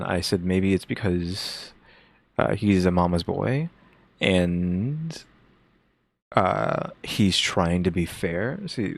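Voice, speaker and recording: Low gravelly man musing on a reaction show. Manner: halting, thinks aloud with restarts. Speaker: reaction co-host. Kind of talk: casual reaction commentary.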